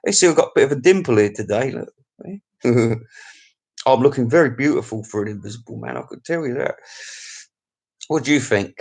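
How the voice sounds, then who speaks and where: A man's voice: medium pitch, animated, fairly quick, vocal fry, long pauses, darkish tone. A man hosting a casual live stream, reading viewer comments and chatting in a cheeky, rambling, crude way with frequent laughs. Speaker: YouTube live-stream host.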